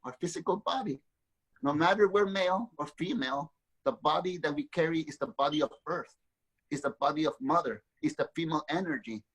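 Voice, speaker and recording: A man's voice: a little high, fairly quick, a bit bright, husky, rough recording. A man, an author and guest, telling a spiritual story earnestly and repeating words as he builds his thoughts.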